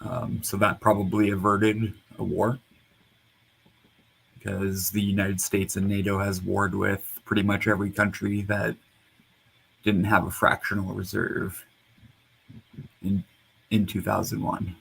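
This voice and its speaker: A man's voice: on the low side, flat delivery, a little slow, creaky, pauses often, slightly rough, rough recording. A man talking in a casual online panel chat, rambling and hesitant, over a computer mic. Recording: hum of a loud computer fan.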